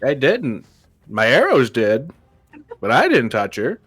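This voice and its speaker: A man playing a character in a tabletop game, declaring his actions in a lively, joking way. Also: medium pitch, takes it slowly, slightly rough, no room sound, faint music behind. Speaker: player. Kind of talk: casual tabletop play.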